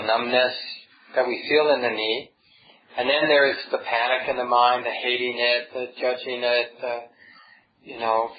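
Calm male meditation teacher, lo-fi. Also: mid-range voice, a little hiss or hum. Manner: calm, reflective, speaks in gentle repeated phrases. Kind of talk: dharma talk. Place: meditation hall with a group.

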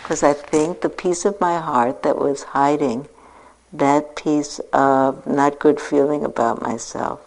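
An older woman in her sixties speaks in a low voice with a gravelly edge. She gives a reflective dharma talk as a meditation teacher and pokes gentle fun at herself along the way. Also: fairly even intonation, takes it slowly, low-quality recording. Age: 60s. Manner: reflective, gently self-mocking storytelling.

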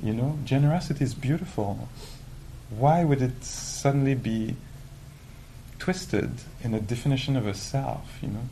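A man giving a conversational dharma talk as a meditation teacher, animated and full of "you know" fillers. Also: mid-range voice, moderate pace, creaky, slight background noise, rough recording. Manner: animated, acts out quoted inner voices.

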